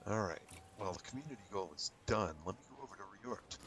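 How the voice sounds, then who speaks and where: A man's voice: on the low side, expressive, brisk, fairly bright tone, slight background noise. A man with an American accent streaming a game on a headset mic, chatting casually and thinking aloud with plenty of ums. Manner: thinks aloud with many fillers. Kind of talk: casual gameplay chat.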